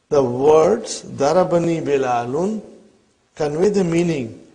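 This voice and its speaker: A man's voice: fairly high pitch, mellow. A man teaching an Arabic grammar lesson. He explains step by step, repeats his questions and often checks "are you with me?".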